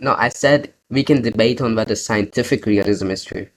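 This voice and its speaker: A man's voice: on the low side, normal speed. A man in a heated online voice-call debate, mocking and interrupting his opponent.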